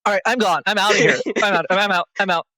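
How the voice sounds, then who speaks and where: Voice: mid-range voice, fairly even intonation, fast talker, sharp tone, dry recording. A commentator calling an online game match, given to dramatic mock-angry rants and repeated phrases. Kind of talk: casual esports commentary.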